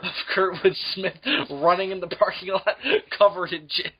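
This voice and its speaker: A man's voice: high voice, level tone, moderate pace, a bit bright, a little hiss or hum. A young man co-hosting a crude comedy podcast, laughing often and slipping into silly voices. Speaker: podcast co-host.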